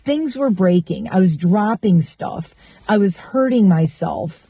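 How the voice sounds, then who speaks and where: A woman's voice: medium pitch, lively intonation, measured pace, dark tone, slightly rough, dry recording. A woman vlogger in casual chat, talking candidly and bluntly and swearing freely.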